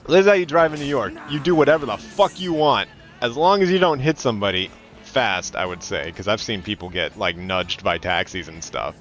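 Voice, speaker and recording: A man from California chatting casually and swearing freely while streaming a game, now and then slipping into loud mocking voices. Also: on the low side, fairly quick, soft background music. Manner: animated, profane, slips into loud mocking voices. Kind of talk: casual gaming commentary.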